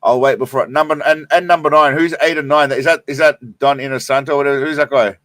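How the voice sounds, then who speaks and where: A man's voice: medium pitch, fairly even intonation, fast talker, fairly bright tone, no room sound. An Australian man hosting a live stream, rambling and swearing in a laid-back way while stoned. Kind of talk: casual live stream chat.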